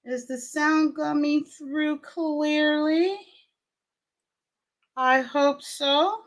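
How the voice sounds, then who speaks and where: A woman's voice: high voice, very slow. A middle-aged woman hosting a casual livestream, chatting and greeting viewers by name with frequent laughs. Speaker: livestream host.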